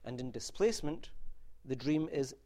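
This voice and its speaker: A man's voice: mid-range voice, lively intonation, moderate pace, mellow. Discursive male lecturer with lilt. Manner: wry, discursive, restarts and asides. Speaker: literature lecturer. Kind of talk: university lecture. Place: lecture room.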